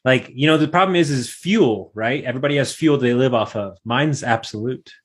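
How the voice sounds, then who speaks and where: A man's voice: mid-range voice, a little fast. A man hosting a casual podcast, talking eagerly in a slangy, storytelling way. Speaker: podcast host.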